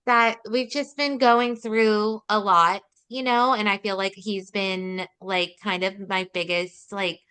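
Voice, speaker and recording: Bright-voiced woman co-host, earnest. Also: medium pitch, steady tone, takes it slowly, hardly any pauses, clean tone. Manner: warm, earnest, speaks with frequent fillers. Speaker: podcast co-host. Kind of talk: casual chat.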